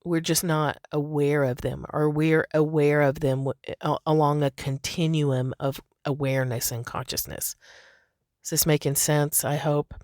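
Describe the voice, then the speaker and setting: A woman with a low voice hosts a podcast in a loose, chatty monologue. She laughs easily and peppers her talk with "you know" and "like". The recording is dry and close, with no room sound. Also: fairly even intonation, measured pace, darkish tone, dry recording. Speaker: podcast host.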